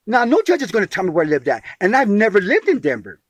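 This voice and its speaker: Casting note: a man pouring out a grievance, high husky voice, stumbles and repeats, says sweetie a lot. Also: wildly swooping pitch, fast, dry recording. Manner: emphatic, repeats words and calls the listener sweetie; restarts phrases often. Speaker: caller telling his grievance.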